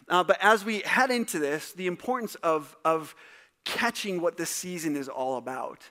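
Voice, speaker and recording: A man from Wisconsin, a pastor preaching a casual sermon to a live congregation, joking and telling stories in an animated way. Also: a little high. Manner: jokey, animated, teasing the congregation. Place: church service before a live congregation.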